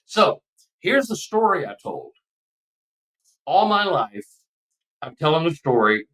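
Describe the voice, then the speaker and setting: A man's voice: a little high, very animated, takes it slowly, fairly bright tone, distant mic, low-quality recording. A man in his seventies from Texas, a podcast guest telling a personal story in a casual, emotional, rambling way.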